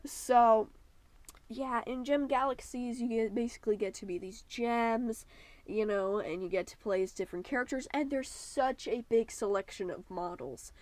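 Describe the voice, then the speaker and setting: A woman vlogger talks in a rather high voice, gushing and rambling with plenty of ums as she chats over a video. She slips into a playful put-on accent throughout. The sound is dry and close, with no room behind her. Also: moderate pace, a little mellow, no echo. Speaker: YouTube art channel host. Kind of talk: casual voice-over commentary.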